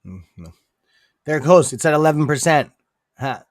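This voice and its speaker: A man's voice: fairly high pitch, lively intonation, normal speed, dry recording, clean studio sound. A man with an accent hosting a casual livestream about stocks, talking loosely and tagging lines with "okay?". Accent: non-native English accent. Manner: chatty, repeats "okay?", sudden outbursts. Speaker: stock trading streamer. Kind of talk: casual livestream market talk.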